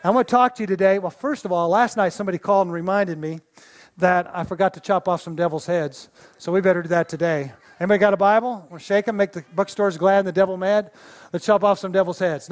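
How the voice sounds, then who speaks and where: A man's voice: high voice, brisk. A middle-aged man, an associate pastor, preaching a sermon in a church with folksy storytelling and call-and-response. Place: church sanctuary.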